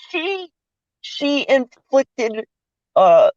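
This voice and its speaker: A man's voice: very high-pitched, big pitch swings, very slow, darkish tone, dry recording. Laughing, profane male podcast host. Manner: laughs often, loose and profane. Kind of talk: casual podcast chat. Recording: dull, dry lo-fi recording.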